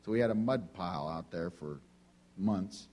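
A man preaching a sermon, telling a personal story in a conversational, animated way and acting out the dialogue. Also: deep voice, normal speed, a little hiss or hum.

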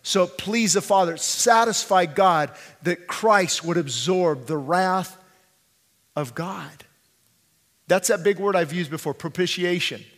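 A male pastor preaching a sermon, swinging between hushed pleading and fervent shouting and repeating phrases for emphasis. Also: sits high, unhurried, big-room sound. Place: church sanctuary.

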